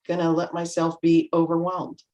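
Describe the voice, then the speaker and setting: A middle-aged woman on a video call, chatting reflectively as a panel guest and acting out remarks in lively voices. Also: lowish voice, moderate pace. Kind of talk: casual chat.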